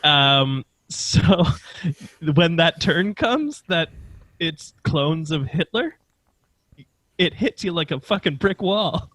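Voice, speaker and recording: A man co-hosting a casual film discussion podcast, talking with animated emphasis and swearing now and then. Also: a little high, dry recording. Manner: animated, swearing, quick asides. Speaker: podcast co-host.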